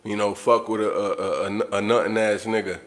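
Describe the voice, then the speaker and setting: In an unscripted livestream monologue aimed right at his viewers, a man rants bluntly, swears, and circles back over the same points. His voice is lowish and fairly bright, with fairly even intonation and a moderate pace.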